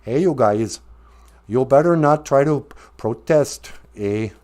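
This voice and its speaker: A man's voice: mid-range voice, lively intonation, measured pace, a little mellow, natural voice. A man doing a mocking impression of a male politician with a Canadian accent, sing-song and over-apologetic.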